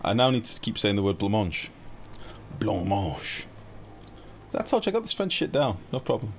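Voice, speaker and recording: A man's voice: medium pitch, big pitch swings, quick pace, a little hiss or hum. A man live-streaming a game, joking and teasing his chat in playful banter.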